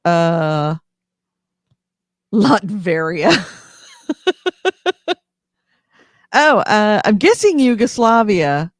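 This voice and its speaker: A man's voice: high-pitched, lively intonation, measured pace, no echo, clean studio sound. A man from California co-hosting a casual gaming news podcast, rambling with many fillers and restarts. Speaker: podcast co-host.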